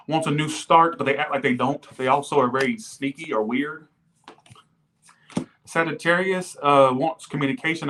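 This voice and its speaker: A man talks through a tarot reading on a casual livestream, his voice sitting at an ordinary middle pitch. He rambles and swears freely, slipping into tangents. Now and then he pauses to thank viewers for their donations. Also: fairly bright tone, a little hiss or hum. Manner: rambling, profane, goes off on tangents. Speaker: tarot reader.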